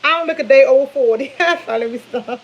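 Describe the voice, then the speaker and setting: A woman's voice: sits high, a little fast, muffled recording. Fifty-something woman, casual storyteller cooking in her kitchen, faint sizzle behind. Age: 50s. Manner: chatty, animated storytelling with laughs, addresses viewers as y'all. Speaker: vlogger. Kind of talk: casual chat. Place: home kitchen while cooking.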